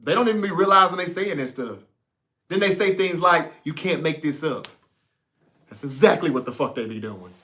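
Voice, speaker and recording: Bright-voiced man hosting sports talk. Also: high voice, a little fast. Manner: profane, animated, talks straight to the chat. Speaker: sports talk show host. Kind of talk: casual livestream sports talk, reading viewer comments.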